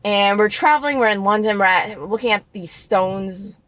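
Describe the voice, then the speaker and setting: A woman's voice: mid-range voice, moderate pace, a bit bright, dry recording. A young woman co-hosting a casual chat in a car, telling a story animatedly, laughing often and acting out what people said. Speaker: co-host.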